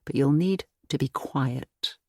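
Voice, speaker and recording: Protective young gentleman, as a narrator puts him on, measured, mid-pitched, audiobook romance. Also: dry recording, studio quality. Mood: earnest. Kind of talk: audiobook character voice.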